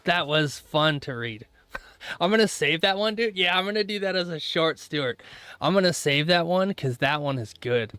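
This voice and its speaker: A young man chatting casually with his viewers while live streaming trades, rambling, laughing often and clearing his throat. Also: fairly high pitch, lively intonation, normal speed, sharp tone, no echo. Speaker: livestreaming futures trader.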